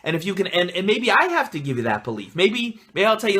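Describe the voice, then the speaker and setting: A man's voice: sits high, big pitch swings, racing, few pauses, sharp tone. A young man, a rabbi and coach, talking casually and enthusiastically into his phone camera with pep-talk energy. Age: young adult. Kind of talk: casual self-recorded video answer.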